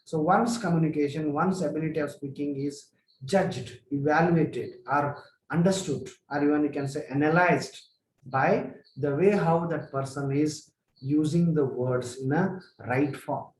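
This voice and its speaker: A man with an Indian accent giving a spoken lecture, earnestly explaining and repeating himself with many pauses. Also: on the high side, a little mellow, slight background noise. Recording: echoey room.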